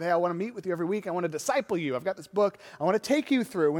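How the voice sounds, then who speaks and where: Forties male pastor, lively self-mocking preacher, long hall reverb. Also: sits high. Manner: animated, self-deprecating storytelling. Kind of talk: sermon storytelling.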